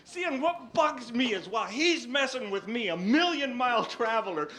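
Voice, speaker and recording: A man from Tennessee doing stand-up, telling a long story in an animated, exaggerated way. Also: very high-pitched, moderate pace. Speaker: stand-up comedian. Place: stage before a live audience. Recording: live stage with audience laughter.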